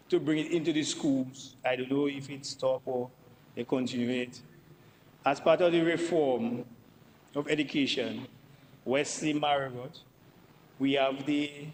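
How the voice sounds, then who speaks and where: A man's voice: a little high, big-room sound, slight background noise, poor audio. A Dominican man, a member of parliament, giving an emphatic debate speech in the chamber and repeating himself for stress.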